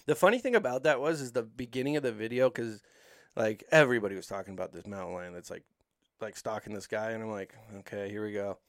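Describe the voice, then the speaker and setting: A man's voice: lowish voice, quick pace, no echo, clean studio sound. A man in casual chat with friends, telling animal stories in a rambling, profane way with lots of filler words.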